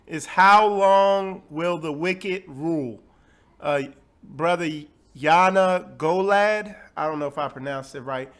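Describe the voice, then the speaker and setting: A man with a high voice hosts a casual webcast, drifting through thoughts with fillers and quick asides. He keeps it loose and conversational. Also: a bit bright. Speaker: host of a bible teaching webcast.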